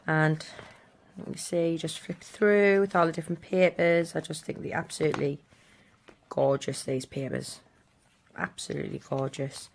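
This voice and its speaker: A woman with a deep, fry-edged voice hosts a relaxed craft tutorial. She chats her way through each step while she works, with a faint hiss behind her. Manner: chatty, talks while working with her hands.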